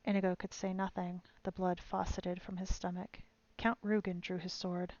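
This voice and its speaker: A woman's voice: on the low side, flat delivery, normal speed, few pauses, no room sound, muffled recording. A woman streamer reading a novel aloud in a dramatic storytelling manner from home. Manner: dramatic storytelling, loud at fight scenes.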